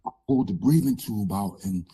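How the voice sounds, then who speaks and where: Low raspy man, halting and reflective. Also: expressive, warm tone. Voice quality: raspy, changed voice. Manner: halting, many fillers and pauses. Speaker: guest. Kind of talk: reflective interview storytelling.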